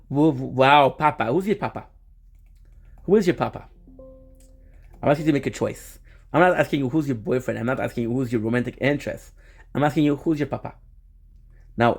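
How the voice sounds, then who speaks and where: A man's voice: mid-range voice, vocal fry, a little mellow, breathy edge. A young man streaming, chatting casually and playfully with viewers, rambling with frequent restarts and laughter.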